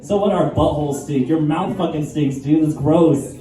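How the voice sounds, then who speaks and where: Fairly high-pitched and mellow, this comedian speaks at a moderate pace during a live stand-up show. His crude, profane stories come across relaxed and easygoing. An echoey room, a distant-sounding mic, and audience noise fill the recording.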